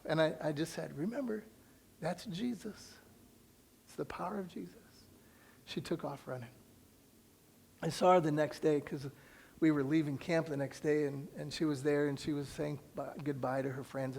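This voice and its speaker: A male pastor preaching in a church, telling a personal story with lively acted-out dialogue and soft, hushed asides. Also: a little high, moderate pace, gravelly, pauses often, slight background noise. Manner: animated storyteller who acts out dialogue and drops to a soft near-whisper. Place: church sanctuary.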